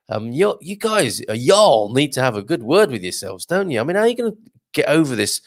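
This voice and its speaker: A man's voice: mid-range voice, no room sound, clean studio sound. A man hosting a live show, chatting casually and rambling through viewer comments with jokes and laughs. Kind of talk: casual live-stream chat.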